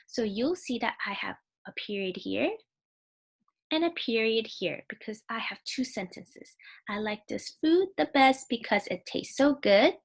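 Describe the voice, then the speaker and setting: Kindergarten teacher, woman, slightly high husky voice, patient and clear with little kids. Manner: slow, clear, patient explaining, sounding words out. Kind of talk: recorded online lesson for young children.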